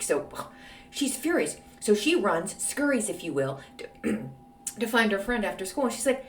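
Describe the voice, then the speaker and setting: Snarky woman podcaster, lively and roomy. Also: medium pitch, normal speed, a little hiss or hum. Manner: snarky, gossipy storytelling with many fillers. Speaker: podcast host answering advice letters. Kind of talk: casual solo podcast chat. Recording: roomy echo, voice off-mic.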